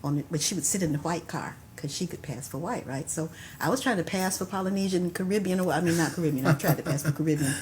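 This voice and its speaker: A woman's voice: lowish voice, fast, few pauses, a little mellow, a little hiss or hum. Older lady from florida, chatty storyteller, laughs a lot, reads her poems with a beat. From Tampa, Florida, US. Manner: chatty, laughs easily, rhythmic when reciting. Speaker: guest poet. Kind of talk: conversational storytelling and poetry reading.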